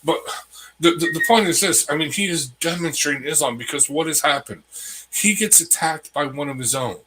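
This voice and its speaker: A man's voice: a little high, expressive, moderate pace, pushed and bright, low-quality recording. A man hosting an online discussion group, rambling and repeating himself, with mocking asides.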